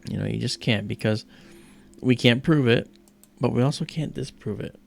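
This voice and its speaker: A man's voice: medium pitch, normal speed, vocal fry. A middle-aged man hosting an astronomy livestream, chatting casually and rambling with lots of "you know".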